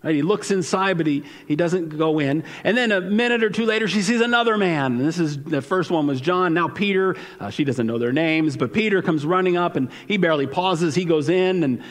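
A man's voice: fairly high pitch, fairly quick, few pauses. A man preaching a sermon as pastor in a casual, conversational way, often repeating words and asking "right?". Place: church sanctuary. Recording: long hall reverb.

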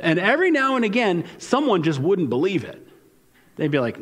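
A man's voice: fairly high pitch, very animated, moderate pace, fairly bright tone, slightly rough. A man preaching a sermon as pastor in a casual, conversational way, often repeating words and asking "right?". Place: church sanctuary. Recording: long hall reverb.

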